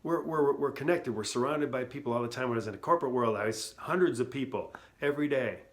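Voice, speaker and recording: Recorded on his phone, this middle-aged man recounts how he founded his company with many asides and restarts. He speaks fast at a medium pitch, casual and earnest throughout.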